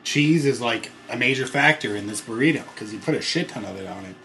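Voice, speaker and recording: Loud crude joking young man. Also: medium pitch, animated, brisk, slight background noise. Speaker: podcast co-host. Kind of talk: casual chat.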